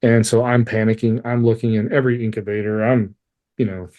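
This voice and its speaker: His voice is lowish and fairly flat, quick-paced and darkish, captured in lo-fi sound. As a podcast guest he recounts a painful story from his life, swearing openly, emotional and candid, laughing wryly at the hard parts.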